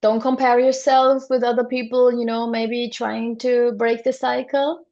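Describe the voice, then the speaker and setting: A woman's voice: a little high, level tone, unhurried, dark tone. A woman hosting a podcast interview, often affirming her guest and asking questions. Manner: affirming, frequent agreement sounds. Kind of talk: interview conversation. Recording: dull lo-fi sound.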